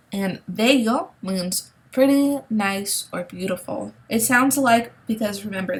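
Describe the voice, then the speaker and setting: A woman teaching a recorded online language lesson, explaining words and sounds patiently and checking in with a frequent "okay?". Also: medium pitch. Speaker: Spanish teacher.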